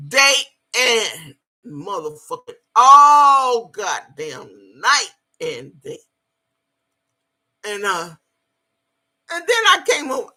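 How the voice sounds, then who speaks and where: A woman with a bright, gravelly voice tells a story from her own life, swinging up and down in pitch as she goes. Her tone is a little husky, and her talk is blunt and salty, with plenty of swearing. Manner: animated, profane, swears freely. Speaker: vlogger telling a personal story. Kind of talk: casual storytelling.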